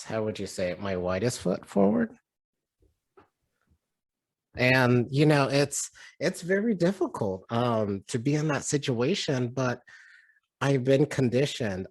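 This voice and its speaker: Slow, reflective man with a Hawaiian accent. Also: on the low side, no echo. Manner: slow, reflective, thinking aloud. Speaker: panelist. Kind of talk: panel discussion.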